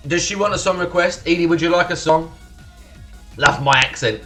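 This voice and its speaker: With music behind him, a young Essex man hosts a live stream in his estuary English, swearing casually, laughing frequently and thanking followers. His pitch is fairly high and he talks at normal speed.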